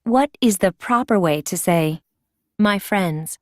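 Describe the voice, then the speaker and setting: A woman's voice: medium pitch, lively intonation, slow, no echo. A woman giving scripted prompts as the instructor of a recorded language course. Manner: clear, prompting. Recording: dry studio recording from a course.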